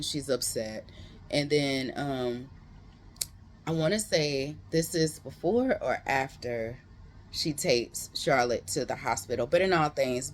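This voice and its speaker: A book reviewer giving a casual, animated retelling of a novel's plot, full of slangy asides to viewers. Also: medium pitch, a little hiss or hum. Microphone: close.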